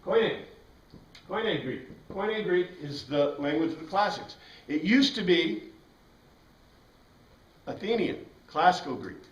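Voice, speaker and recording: A man teaching a Bible class, lecturing in an animated way and asking the class questions. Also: high-pitched, slow pace, pauses often. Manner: animated, asks the class questions, frequent "right?". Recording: echoey room, from a distance.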